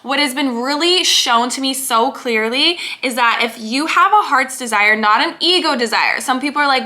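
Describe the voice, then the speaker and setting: A woman's voice: a little high, moderate pace, hardly any pauses, bright, forceful tone. A woman mindset coach giving an earnest, emphatic motivational talk to camera, stressing and repeating key words.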